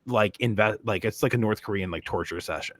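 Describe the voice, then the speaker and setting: A man's voice: on the low side, a little fast, a bit bright. A man co-hosting a podcast, telling stories in casual chat with lots of fillers. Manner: rambling storyteller, many fillers. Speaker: podcast co-host.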